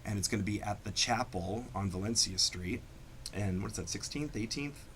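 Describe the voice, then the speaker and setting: Campy, excited male drag performer. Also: on the low side, moderate pace, a little hiss or hum. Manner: enthusiastic, campy. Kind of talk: casual interview chat.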